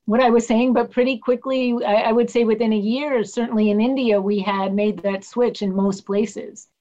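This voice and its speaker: Speaking at a moderate pace in a mellow, slightly high voice with fairly even intonation, a public health worker guest shares field stories in an interview. She tells them animatedly, voicing those she quotes, and the audio is dull.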